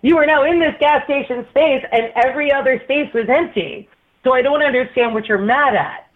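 Animated woman on a tinny phone line. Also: high-pitched, brisk. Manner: animated, acts out quoted voices, laughs often. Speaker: guest storyteller. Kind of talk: casual storytelling chat. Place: Massachusetts.

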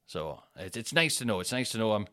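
A man's voice: lowish voice, sing-song, a little fast, pushed and bright. A Northern English man hosting his own podcast, talking alone in a rambling, sweary, self-mocking way. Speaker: podcast host. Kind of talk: casual solo podcast chat.

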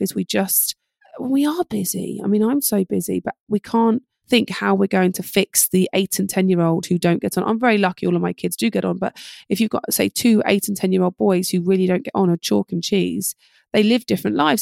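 A middle-aged woman parenting coach giving fast, animated advice in a podcast interview, acting out little exchanges between parent and child. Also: medium pitch, gravelly, dry recording, studio quality.

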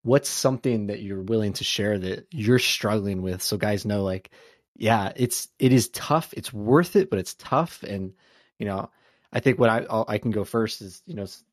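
A man's voice: on the low side, normal speed, no echo, studio quality. A man hosting a podcast interview, asking questions in a thoughtful, searching way with hesitant restarts. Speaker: podcast host.

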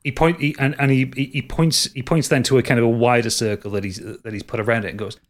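A man's voice: mid-range voice, steady tone, fast. A man working as game master, narrating a tabletop game with many restarts and fillers.

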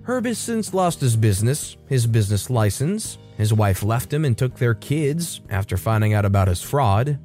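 Male narrator, mid pitch, reading a Reddit story, faint background music. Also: very animated, moderate pace, hardly any pauses, darkish tone.

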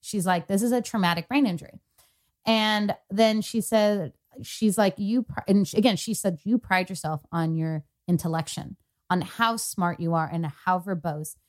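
A young adult woman with a mid-range voice and moderate pace co-hosts a podcast. She recounts something personal in easy conversation, quoting others and relying heavily on fillers.

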